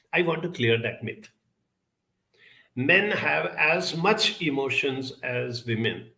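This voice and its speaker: A man's voice: medium pitch, vocal fry, bright, forceful tone, poor audio. A man, a counselor giving an earnest, explanatory talk to camera and putting questions to the viewer.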